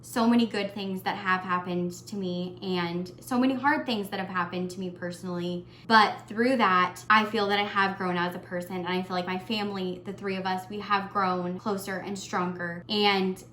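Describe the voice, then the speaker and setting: A young adult woman vlogging, earnest and heartfelt, talking warmly to her viewers and getting emotional. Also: medium pitch, steady tone, moderate pace, few pauses, echoey room, slight background noise. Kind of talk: casual year-end tag vlog.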